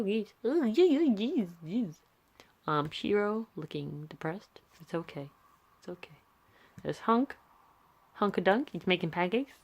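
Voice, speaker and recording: British girl rambling through her sketches, lowish voice, lots of fry, kinda apologetic. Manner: chatty, rambling, self-deprecating. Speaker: vlogger. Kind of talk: casual sketchbook walkthrough.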